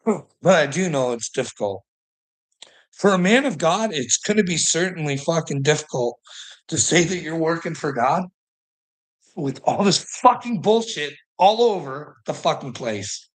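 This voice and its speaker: A man with a somewhat high voice delivers a fiery solo rant. He swears constantly and breaks into short laughs between points. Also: animated, measured pace. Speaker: vlogger. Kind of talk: profane ranting monologue.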